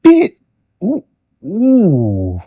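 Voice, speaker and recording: A man's voice: sits high, huge pitch swings, extremely slow, dark tone. A man in his twenties speaking earnestly and reflectively in an interview clip. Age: 20s.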